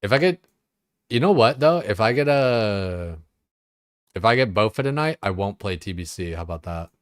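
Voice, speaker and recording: A man's voice: lowish voice, expressive, normal speed, no room sound, clean studio sound. A young man streaming games, ranting in a loose, exasperated way, full of swearing and filler words. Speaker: gaming streamer. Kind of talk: casual livestream rant.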